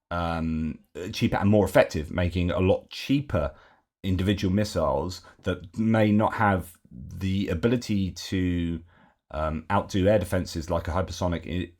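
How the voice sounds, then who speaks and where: A man's voice: low voice, darkish tone. A man hosting a casual news commentary, rambling and digressing with many fillers and restarts.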